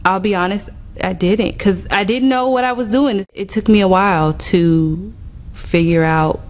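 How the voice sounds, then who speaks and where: A mother speaking candidly and a little hesitantly about slowly learning to love her child. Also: mid-range voice. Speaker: interviewee, mother.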